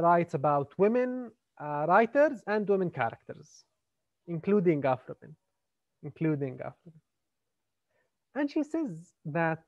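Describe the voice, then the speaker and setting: A man's voice: sits high, dry recording. Man, literature lecturer, hesitant, lots of fillers, dry close sound, muffled lo-fi audio. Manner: hesitant, many fillers and repeated words. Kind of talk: classroom lecture. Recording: dry, slightly muffled lo-fi recording.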